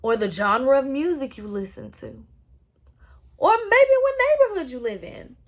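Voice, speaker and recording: A woman with a Texan accent talks alone on her podcast. Her voice sits high and her pace is slow and deliberate. She speaks with earnest, impassioned conviction. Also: very animated. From Southeast Texas. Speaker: podcast host. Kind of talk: solo podcast monologue. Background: no other speakers or sounds.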